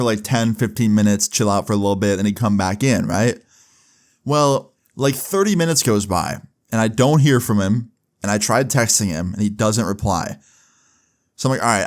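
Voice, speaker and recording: Casual young man, low voice. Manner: rambling, lots of "like" and "right?". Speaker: storyteller. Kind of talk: casual storytime vlog.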